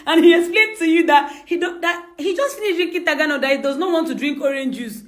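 Coaxing high-voiced woman at home. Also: fast, few pauses. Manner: insistent, coaxing and laughing. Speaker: employer. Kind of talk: casual conversation. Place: home indoors.

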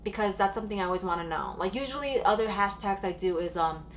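Chatty woman vlogger, excited bursts. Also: mid-range voice, fast, slight background noise. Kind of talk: casual storytelling vlog.

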